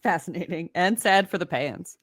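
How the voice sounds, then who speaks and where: A woman co-hosting a podcast, chiming in with wry, deadpan quips and questions about the story. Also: lowish voice, moderate pace, dry recording, clean studio sound. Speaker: podcast co-host. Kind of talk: casual book-discussion chat.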